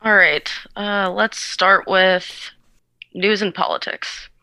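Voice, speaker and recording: A woman's voice: mid-range voice, slow, creaky, pushed and bright, low-quality recording. A woman playing a trivia game as a contestant, giving short, plain answers. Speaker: quiz contestant. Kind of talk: casual chat.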